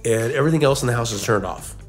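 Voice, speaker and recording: A man's voice: medium pitch, rapid-fire. Rambling storytelling man, music faint behind. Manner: rambling storyteller, repeats words. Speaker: podcast co-host. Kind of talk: casual podcast chat.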